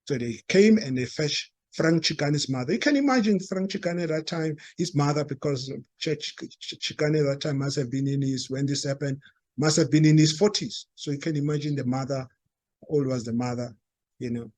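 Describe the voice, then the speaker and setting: A man with a South African accent telling a story to a live audience, halting and restarting, and acting out the quoted dialogue. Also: fairly high pitch, a little mellow, dry recording. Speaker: speaker at a talk. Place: meeting room.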